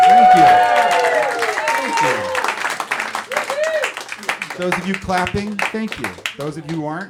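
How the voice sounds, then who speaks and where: A man in his thirties performs stand-up on a comedy club stage, talking to the crowd in a conversational, profane way through a handheld stage mic. His voice is a little high, and the live recording carries heavy background noise from the laughing audience.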